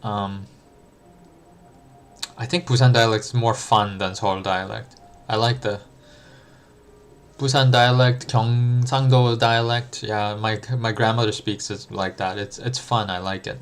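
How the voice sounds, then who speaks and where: A man's voice: on the low side, steady tone, a little slow. A young adult man streaming live, answering chat in a reflective, thinking-aloud way with frequent ums and restarts. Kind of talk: casual livestream chat.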